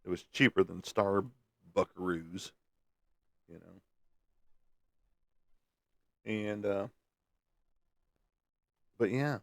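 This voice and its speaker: Man, very low voice, dry close sound, folksy rambling casual chat, chuckles often. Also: drawn-out words, pauses often, no echo. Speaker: livestream host reading viewer comments.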